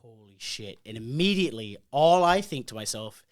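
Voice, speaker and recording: A man co-hosting a podcast, telling a story in casual chat and acting out what people said with loud, swearing bursts. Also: medium pitch, normal speed, clear, resonant tone. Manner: animated, acts out quotes with loud swearing bursts. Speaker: podcast co-host.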